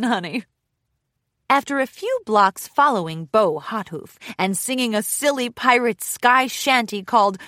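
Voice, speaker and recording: A woman reading a children's storybook aloud with expressive narration. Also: medium pitch, no room sound, studio quality. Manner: expressive, lively. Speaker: audiobook narrator.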